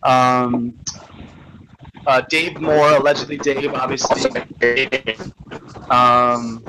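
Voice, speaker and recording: Ranting, swearing man, bright voice. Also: mid-range voice, level tone, extremely slow, slight background noise, rough recording. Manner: profane, ranting, stammering restarts. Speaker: host. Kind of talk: casual chat.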